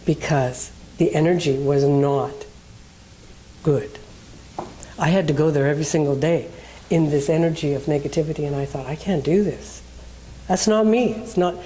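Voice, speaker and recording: A woman's voice: low voice, mellow, a little hiss or hum. A woman minister preaching in a conversational way, telling a personal story and acting out the people in it.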